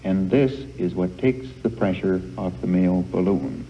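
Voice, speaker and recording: A man giving a frank family life lecture to a live group, folksy and halting, recorded on worn old reel-to-reel tape in a hall. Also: low-pitched, muffled recording, a little hiss or hum. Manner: folksy, halting with many uh fillers.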